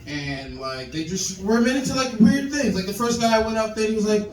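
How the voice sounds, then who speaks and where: A man performing a stand-up comedy set in a club, animated and acting out other people's voices. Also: high voice, fairly quick, hardly any pauses, reverberant, distant mic, poor audio. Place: comedy club with live audience.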